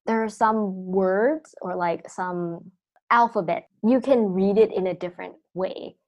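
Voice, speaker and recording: A woman's voice: mid-range voice, measured pace, darkish tone, muffled recording. A woman hosting a podcast in casual chat, talkative and leaning on the filler "like" as she goes. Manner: chatty, leans on the word "like", friendly sign-off. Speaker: podcast host.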